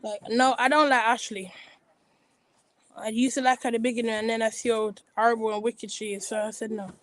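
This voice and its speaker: A woman's voice: fairly high pitch, little pitch movement, a little fast, poor audio. A woman giving a rambling, gossipy recap of a reality TV show in a casual chat. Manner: rambling, gossipy, frequent restarts. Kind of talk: casual chatty commentary.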